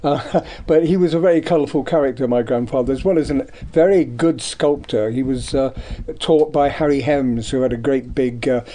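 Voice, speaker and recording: Older Devon-raised man, mellow tone, anecdotal radio guest. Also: mid-range voice, moderate pace. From Devon, England. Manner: rambling, anecdotal, many ums. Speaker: guest, artist. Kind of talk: radio interview chat. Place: radio studio.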